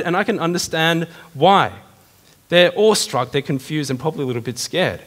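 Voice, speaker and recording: A man preaching a sermon as pastor, in a lively, conversational way full of rhetorical questions. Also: a little high, fairly quick. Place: church hall. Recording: long reverb of a church hall.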